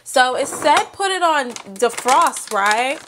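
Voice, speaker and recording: A young woman chatting excitedly as she narrates a cooking attempt in her home kitchen. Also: high-pitched, takes it slowly, noisy background. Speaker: vlogger. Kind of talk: casual kitchen vlog.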